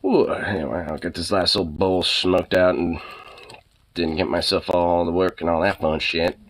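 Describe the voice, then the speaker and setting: Filming his dog, a vlogger chats casually to the camera in a laid-back, profane way, chuckling often. He has a low-pitched voice with a steady tone and a moderate pace.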